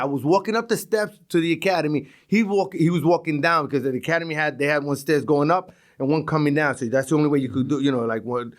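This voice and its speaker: A middle-aged man from East New York, Brooklyn, with a New York accent and a slightly high voice, appears as a podcast guest. He tells casual stories in an animated way, swearing and acting out the voices of the people in them.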